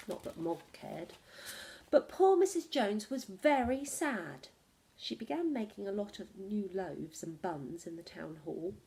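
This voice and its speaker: Animated woman reading a children's story. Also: medium pitch. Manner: animated, asks listeners questions. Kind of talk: reading a picture book aloud.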